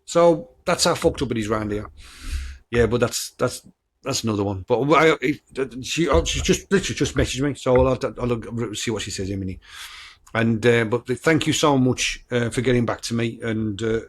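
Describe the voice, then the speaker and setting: Black country bloke rambling on his podcast, bit husky, swears a lot. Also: mid-range voice. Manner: chatty, swears freely, rambling. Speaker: podcast host. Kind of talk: casual chat.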